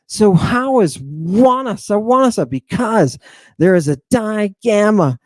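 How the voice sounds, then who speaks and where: A man teaching an online language lesson in a playful, theatrical way, repeating each pronunciation slowly for the listener. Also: high-pitched, lively intonation, no room sound.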